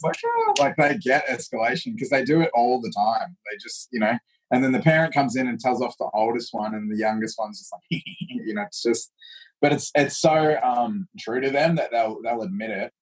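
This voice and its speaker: A man's voice: medium pitch, fairly quick, rough recording. A man, a martial arts instructor, telling stories in a casual interview and acting out the voices of the people he quotes. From Australia. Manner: animated storyteller who acts out quoted voices.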